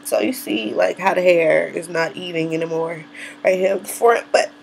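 A woman's voice: fairly low pitch, moderate pace, vocal fry, a little hiss or hum. A young woman chatting casually to camera in a vlog, swearing freely and laughing often. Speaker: hair vlogger.

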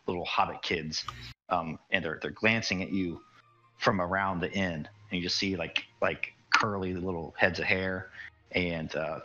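A man's voice: low-pitched, sharp tone. A man narrating as game master in a tabletop game, rambling with many fillers. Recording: dull lo-fi recording.

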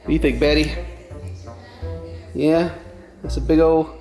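A man's voice: a little high, flat delivery, measured pace, darkish tone, soft background music. A man vlogging at home, casual and playful, cracking jokes and humming silly sound effects. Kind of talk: casual family vlog. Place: at home indoors.

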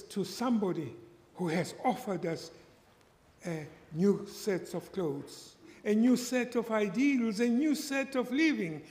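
A man preaching a sermon, telling a story slowly and deliberately and acting out its characters. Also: high voice, a little mellow. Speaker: pastor. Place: church hall. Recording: echoey church hall with long reverb.

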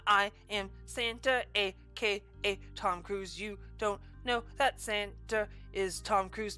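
A woman hosting a let's play, excitable and profane, with loud outbursts. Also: mid-range voice, slow pace, soft background music. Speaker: gaming video host.

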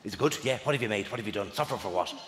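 A man's voice: fairly low pitch, animated, very fast, background noise. A man with an Irish accent doing live stand-up crowd work, swearing and incredulous. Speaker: stand-up comedian. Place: large theatre stage. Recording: echoey theatre with long reverb. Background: audience ambience.

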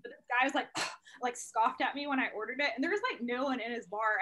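A young woman, a comedian guest on a video call, telling stories in a lively, profane, laughing way. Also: fairly high pitch, quick pace, a little hiss or hum. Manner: animated, profane, laughing storyteller. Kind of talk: casual storytelling interview.

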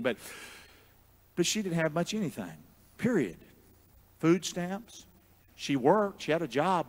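A man preaching a sermon as pastor, with call-and-response, booming shouts and hushed asides. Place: church sanctuary.

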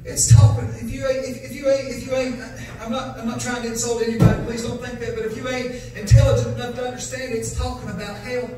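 A male evangelist preaching a fiery revival sermon, building to shouted, sing-song chanting. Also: very high-pitched, flat delivery, fast, few pauses. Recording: echoey church hall from far off, faint music.

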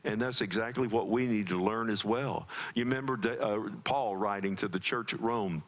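Pastor, male, lowish voice; earnest, pleading sermon delivery with frequent repeats. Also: moderate pace. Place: church service.

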